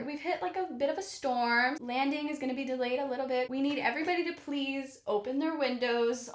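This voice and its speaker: Young woman, vlogger, casual storytelling, animated, swears a lot, a bit high-pitched. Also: reverberant. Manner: animated, swears often, exaggerated for comic effect.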